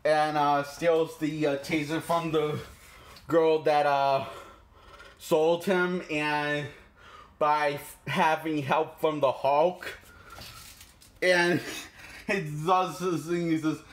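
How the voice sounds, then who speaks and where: Guy slowly recapping a film, lots of uhs, chuckles a lot, kinda high voice. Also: steady tone. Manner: halting, many fillers, frequent chuckles. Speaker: film reviewer. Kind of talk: casual movie plot retelling.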